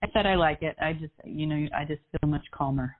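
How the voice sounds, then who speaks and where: Low-voiced woman client on a phone line. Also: fairly quick. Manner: agreeable, laughs easily. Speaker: coaching client. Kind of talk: coaching call. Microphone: phone or call line. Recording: tinny phone-line audio.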